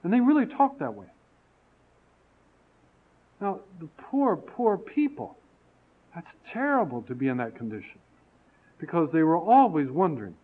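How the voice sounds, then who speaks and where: A man's voice: a little high, very animated, a little slow, pauses often. A man giving an earnest, storytelling sermon-style talk that rises to emphatic peaks, heard over a tinny, phone-like radio recording.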